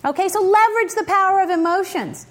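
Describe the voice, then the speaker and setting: A woman's voice: very high voice, quick pace. A middle-aged woman giving a motivational leadership talk, telling stories animatedly and asking the audience questions. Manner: animated storytelling with laughs and acted quotes. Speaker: leadership speaker.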